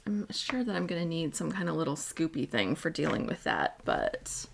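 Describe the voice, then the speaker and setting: A woman's voice: sits low, very animated, normal speed, gravelly. A woman hosting a scrapbooking livestream. She chats casually and thinks aloud as she demonstrates a craft, and she talks to her viewers by name. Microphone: desk microphone.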